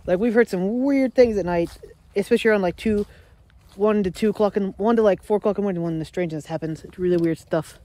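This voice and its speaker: A woman vlogging casually at home, rambling excitedly and chatting to her pets. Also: medium pitch, quick pace. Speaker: daily vlogger. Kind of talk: casual rambling vlog chat. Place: at home, yard and indoors.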